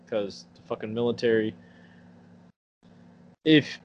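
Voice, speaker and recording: A man's voice: mid-range voice, normal speed. Profane young man ranting, muffled. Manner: blunt, profane ranting storyteller. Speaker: podcast co-host. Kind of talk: casual chat. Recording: muffled recording with faint hum.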